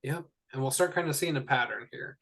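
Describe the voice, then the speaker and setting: A man teaching a one-on-one language lesson, patiently explaining sounds and repeating each word slowly. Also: mid-range voice, a bit bright. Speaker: Hebrew teacher. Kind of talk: tutoring session.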